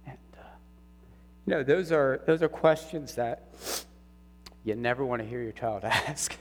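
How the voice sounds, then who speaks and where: A middle-aged man preaching a personal sermon testimony, earnest and halting, his voice catching with emotion. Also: mid-range voice. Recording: reverberant hall with faint hum.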